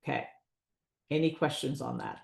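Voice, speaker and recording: A woman's voice: low voice, fairly even intonation, moderate pace, vocal fry, a little mellow, reverberant. A woman presenting a business valuation webinar, explaining figures in a conversational way with asides to her audience.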